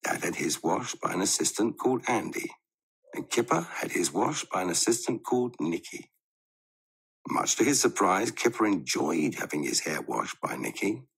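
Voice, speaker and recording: A man reading a children's storybook aloud in an expressive, animated way. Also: deep voice, normal speed, vocal fry, husky.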